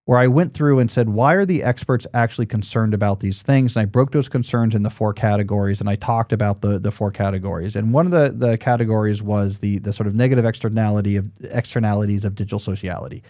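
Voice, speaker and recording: A man's voice: fairly low pitch, fast, few pauses, mellow, no echo, studio quality. A man in his forties hosting a podcast in casual chat, rambling and joking, with lots of fillers and restarts. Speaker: podcast host.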